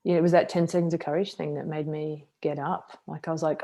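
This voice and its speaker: A middle-aged woman with a notably low voice talks through a hard stretch of her life on a podcast. She is frank and self-deprecating, acting out the lines she and others said. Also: fairly quick. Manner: frank, self-deprecating, animated retelling with acted quotes. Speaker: podcast guest, martial artist. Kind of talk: candid interview storytelling.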